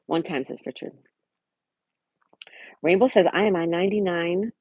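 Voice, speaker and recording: A woman's voice: lowish voice, normal speed, a little mellow, slightly rough, dry recording, highs cut off. A woman hosting a casual livestream, chatting and reading out viewers' messages and greeting them by name. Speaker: livestream host. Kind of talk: casual live-chat reading.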